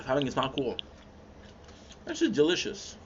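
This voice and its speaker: On dull lo-fi stream audio with a faint hum behind him, a young male livestream host chats casually with viewers while eating. His mid-range voice keeps a moderate pace, and he's relaxed and talkative, pausing to chew and hum between bites.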